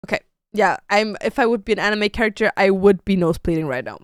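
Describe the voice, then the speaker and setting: A young woman streaming, chatting casually and reacting excitably, jumping to squealing highs. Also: fast, clear, resonant tone, no room sound, clean studio sound. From Latin America.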